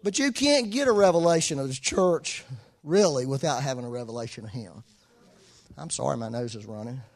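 A man preaching a sermon to a congregation in a room, emotional and passionate, swinging from soft talk to shouting. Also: medium pitch, animated, brisk. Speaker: pastor.

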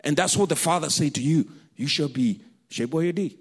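A man from Kenya, preaching a sermon through animated, jokey personal stories. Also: on the high side, moderate pace, husky. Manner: animated, jokey storytelling, laughs often.

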